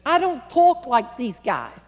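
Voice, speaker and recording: A woman putting on a cheery young Northern woman with a thick big-city accent, her voice lifted well above an already high register. She over-enunciates slowly when she isn't understood, and a long hall echo trails every word. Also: sing-song, lo-fi sound, very noisy, exaggerated voice. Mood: worried.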